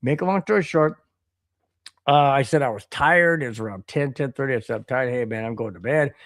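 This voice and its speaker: An American man co-hosting a casual sports podcast, telling a rambling story and reading out viewer chats in an excitable way. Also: mid-range voice, fairly quick, no room sound, studio quality. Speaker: podcast co-host.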